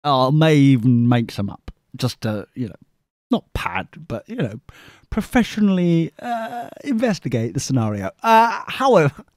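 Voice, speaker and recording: A man's voice: mid-range voice, big pitch swings, normal speed, no echo, studio quality. A tired man, hosting a live podcast in a rambling, scatterbrained, self-mocking way. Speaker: podcast host. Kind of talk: rambling live-show chat.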